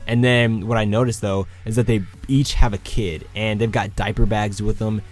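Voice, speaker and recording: A man's voice: lowish voice, moderate pace, soft background music. Young man telling an awkward story. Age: young adult. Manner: animated, acts out quoted lines. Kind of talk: casual storytelling to camera.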